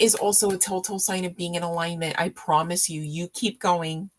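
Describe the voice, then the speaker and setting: A woman's voice: on the low side, fairly even intonation. A woman reading tarot on a live stream, chatting casually with viewers, laughing often and teasing them. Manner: slow, drawn-out speech with fillers.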